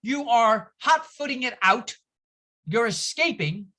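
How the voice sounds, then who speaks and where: A woman giving a lively, sarcastic talk, acting out voices with exaggerated outbursts as she teaches. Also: fairly high pitch, normal speed. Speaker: speaker giving a talk on scripture. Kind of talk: lively lecture.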